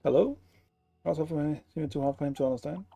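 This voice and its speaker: A man's voice: a little high, quick pace, gravelly, dark tone. A man giving casual gameplay commentary, sarcastic and swearing freely as he plays. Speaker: gaming streamer.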